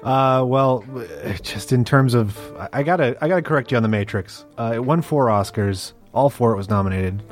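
A man's voice: mid-range voice, moderate pace, hardly any pauses, faint music behind. A man on a casual podcast offering matter-of-fact corrections.

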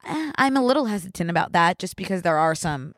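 A woman's voice: lowish voice, animated, quick pace, a bit bright, no room sound. Chatty young woman on a dry studio mic. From Philadelphia area. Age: 20s. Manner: chatty, lots of fillers like "like". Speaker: podcast co-host. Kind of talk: casual chat.

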